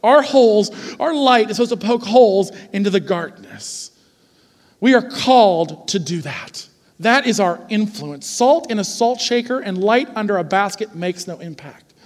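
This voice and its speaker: A man in his forties preaching a sermon, telling stories in a lively, conversational way and often checking in with the congregation. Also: high-pitched, normal speed, big-room sound. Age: 40s. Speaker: pastor. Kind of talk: sermon with storytelling.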